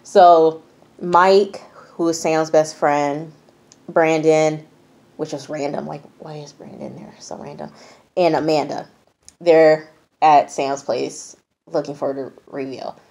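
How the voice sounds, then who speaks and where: A woman's voice: sits low, steady tone, slow pace, darkish tone. A woman giving a casual, profanity-laced vlog recap of a TV episode, blunt and chatty. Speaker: TV reviewer.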